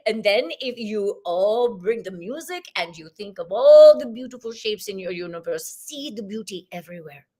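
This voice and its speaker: A woman's voice: medium pitch, lively intonation, normal speed, few pauses, warm tone, lightly acted. A woman voicing a jolly, exuberant male spirit channeled during a tarot livestream, gasping and making uplifting pronouncements.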